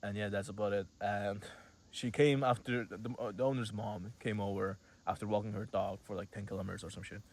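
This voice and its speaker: An 18-year-old man rambles through a casual vlog story, leaning on fillers and dropping swear words. His voice sits on the lower side for a man. He talks loosely, like he is catching up with a friend. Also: steady tone, fairly quick, darkish tone. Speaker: vlogger.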